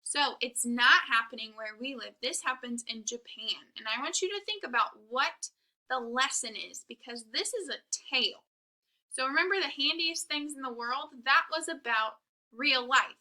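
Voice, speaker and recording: Brief: young woman teacher, high and very bright voice, slow and clear sounding-out for early readers. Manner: slow, exaggerated sounding-out of letters and words. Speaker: kindergarten teacher. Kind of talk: recorded phonics lesson for young children.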